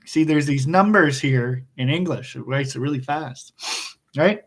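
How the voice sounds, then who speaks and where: A male English teacher giving an online class, explaining slowly and patiently and chuckling often. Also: on the high side, a bit bright.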